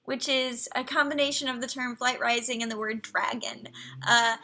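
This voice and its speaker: Her voice is fairly high, pushed and bright, delivered at a normal speed with a steady tone. A young woman livestreaming casually, she reviews game profiles, reads viewer chat aloud and talks to her computer.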